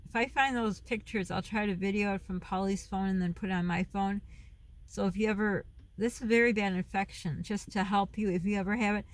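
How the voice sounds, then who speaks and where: A woman's voice: mid-range voice, fairly even intonation, a little fast. A middle-aged woman chatting to her phone camera, rambling and losing her thread, laughing often as she talks. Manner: rambling, loses her thread and veers off topic. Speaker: vlogger and mom. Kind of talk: casual chat to camera.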